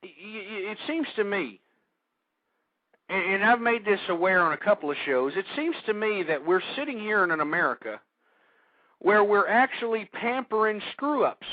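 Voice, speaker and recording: High-voiced man ranting on talk radio. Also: lively intonation, moderate pace, no echo. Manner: heated, ranting. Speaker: radio host. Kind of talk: political talk radio monologue. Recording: tinny lo-fi radio broadcast.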